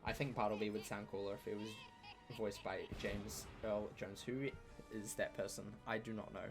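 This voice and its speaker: A man's voice: fairly low pitch, little pitch movement, normal speed, over music. A man giving chatty, playful live commentary on a game he streams, with joking trash talk aimed at the enemies.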